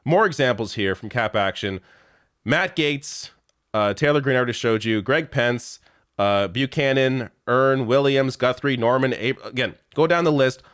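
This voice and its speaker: A man's voice: mid-range voice, normal speed, a bit bright, clear, resonant tone, no room sound, studio quality. A man hosting a political commentary show, talking in an exasperated, sarcastic way and rattling off lists of names and figures.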